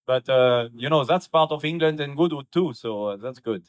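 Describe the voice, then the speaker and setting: Man, French accent, racing driver being interviewed, laid-back halting talk, medium pitch. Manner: relaxed, halting non-native phrasing. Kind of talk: interview answers at an event.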